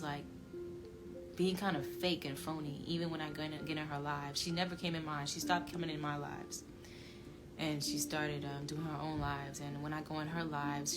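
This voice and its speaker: A woman tells her own story to viewers, her low voice dropping to a hush and then rising loud as she repeats phrases. She curses freely and talks animatedly. Music plays clearly behind her. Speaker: commentary channel creator telling her story. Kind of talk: emotional personal storytelling to viewers.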